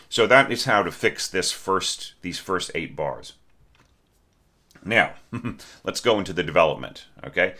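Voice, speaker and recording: Low-voiced man, forceful bright tone, teacher talking through a student's score casually. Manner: conversational, many fillers and "right?" tags; sings phrases to show inflection. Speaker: orchestration teacher.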